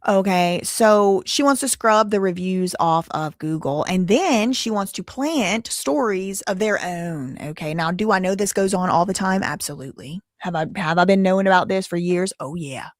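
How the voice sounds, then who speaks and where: A woman's voice: fairly low pitch, normal speed, few pauses, no echo, clean studio sound. A woman hosting a live commentary show, reading out documents with sarcastic, wry asides.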